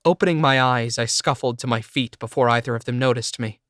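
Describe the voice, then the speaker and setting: A man's voice: medium pitch, fairly quick, fairly bright tone, dry recording. A man reading a first-person audiobook in an intense, emotional way, close to the mic. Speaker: audiobook narrator. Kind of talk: scripted first-person narration.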